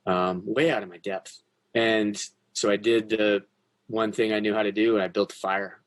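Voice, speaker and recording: A man with a low-pitched voice speaks as a podcast guest. He tells a personal story candidly and earnestly. He swears freely and doesn't hold back. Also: flat delivery, normal speed.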